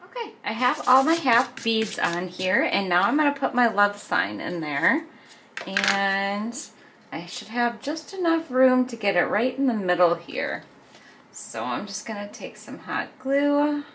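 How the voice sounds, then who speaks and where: Woman craft vlogger, casual step-by-step narration, mid pitch, faint room noise behind. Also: big pitch swings, measured pace. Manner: chatty, narrates each step, soft laughs. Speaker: craft video host. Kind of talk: casual craft tutorial voice-over.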